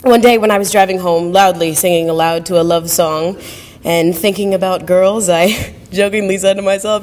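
A woman's voice: fairly low pitch, steady tone, normal speed, darkish tone, a little hiss or hum. A woman telling a personal story as a monologue on stage, reflective in manner. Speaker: monologue performer. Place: university event hall. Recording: long hall reverb.

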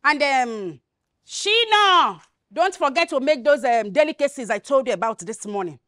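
A woman's voice: high voice, big pitch swings, moderate pace, pushed and bright, dry recording, clean studio sound, full character voice. An actress with a Nigerian accent playing a haughty rich married woman who orders people around with scorn. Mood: bossy. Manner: commanding, scornful.

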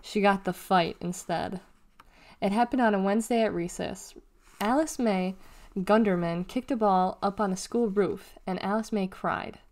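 A woman reading a children's novel aloud in a steady storytelling manner. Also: medium pitch, moderate pace. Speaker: reader.

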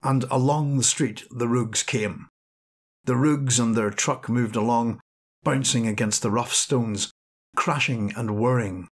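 Husky man reading a story aloud. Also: mid-range voice, a little slow. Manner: dramatic storytelling, acting out cries. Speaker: audiobook narrator. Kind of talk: scripted narration.

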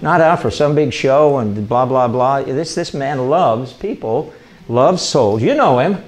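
An older man, an evangelist, talking through an informal, rambling sermon with excitable enthusiasm. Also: mid-range voice, measured pace. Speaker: evangelist hosting a ministry show. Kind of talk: informal sermon talk to camera.

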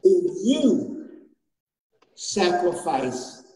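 A man preaching a fervent sermon as a guest bishop, repeating refrains and rising to shouts. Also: high voice, big pitch swings, extremely slow. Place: church sanctuary. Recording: echoey church, distant mic, faint noise.

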